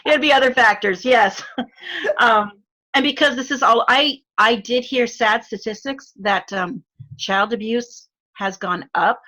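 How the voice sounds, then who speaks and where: A middle-aged woman from Arizona, with an Arizona accent, chats casually as a guest in a fairly high, bright, forceful voice at an unhurried pace. She uses lots of fillers and laughs often.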